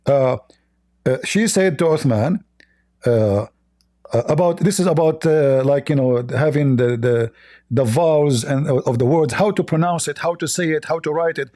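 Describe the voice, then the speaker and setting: A man's voice: on the high side, normal speed, mellow. A man hosting a heated debate, insistent and repetitive, cutting in often. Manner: insistent, repeats himself, interrupts. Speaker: debate host.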